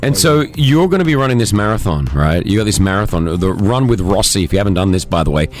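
A man hosting a morning radio show, chatting and telling stories in a lively way from a studio microphone. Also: on the low side, quick pace. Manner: chatty, animated storytelling. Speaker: radio host.

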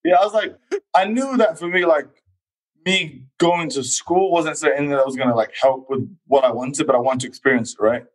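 Lively storytelling man from England. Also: fairly high pitch, a little fast, rough recording. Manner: animated, acts out quoted voices. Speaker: guest athlete. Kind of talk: casual storytelling.

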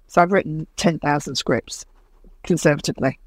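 A middle-aged woman, a TV producer, speaking as a guest in a podcast interview. Her voice sits low, and the recording is dry and close with no room sound. She tells animated anecdotes, laughs easily and acts out the lines of other people. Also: moderate pace, dry recording.

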